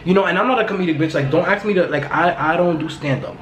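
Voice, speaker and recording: A loud, blunt woman talks straight into her podcast mic, gossiping and swearing freely in casual chat. Her voice rings around a bare, echoey room, and a faint hum of background noise sits beneath it. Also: on the low side, fast. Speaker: podcast host.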